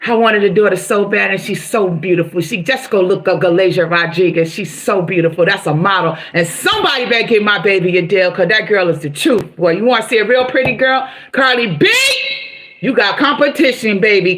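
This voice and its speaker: Middle-aged lady live streaming pep talk, high sharp voice, folksy and preachy, keeps hollering out. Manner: preachy, animated, bursts into exclamations; folksy, calls viewers baby girl and honey.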